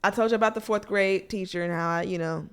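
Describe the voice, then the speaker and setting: A young adult woman co-hosting a podcast, telling profane, animated stories in casual chat. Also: mid-range voice, fast talker. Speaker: podcast co-host.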